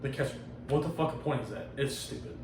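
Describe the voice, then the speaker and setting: A man hosts a loose comic book chat, talking quickly and cursing freely as he acts out the lines of each character. He sounds a little far from the mic in a roomy, echoing space with faint noise underneath. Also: mid-range voice. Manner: animated, profane retelling with acted-out quotes. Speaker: podcast host. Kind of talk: casual comic book discussion.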